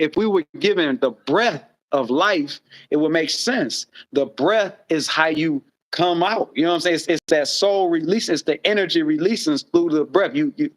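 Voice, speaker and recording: Animated high-voiced man rambling. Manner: rambling, animated storytelling with frequent profanity. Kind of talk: casual chat.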